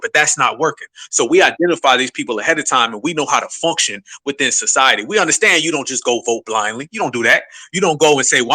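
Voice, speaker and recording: A man's voice: medium pitch, sharp tone. A man in a casual audio chat, blunt and preachy, talking with animation.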